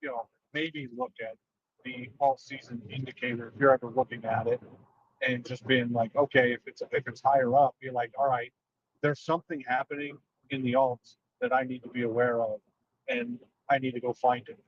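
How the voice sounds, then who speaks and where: A man calling into a stream, talking in a hesitant monotone with many fillers. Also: medium pitch, normal speed, dull audio, a little hiss or hum. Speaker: caller. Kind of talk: casual call-in chat.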